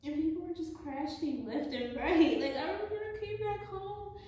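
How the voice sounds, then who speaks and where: High-voiced young woman, blunt chat. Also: moderate pace, warm tone, distant mic, highs cut off. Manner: candid, laughing, blunt. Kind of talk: casual chat. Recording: echoey room, away from mic.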